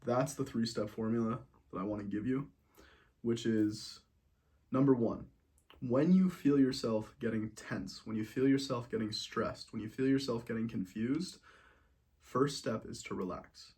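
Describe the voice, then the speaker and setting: A young man giving a calm self-help talk, soothing and gently coaching, repeating key phrases as he walks through simple steps. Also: mid-range voice, moderate pace. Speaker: motivational speaker.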